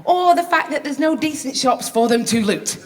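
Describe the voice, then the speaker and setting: With a crowd audible behind her, a woman from Rochdale, England, does self-mocking, sweary, brash stand-up on a comedy stage in her Northern English accent. Her high voice has lively intonation and a moderate pace.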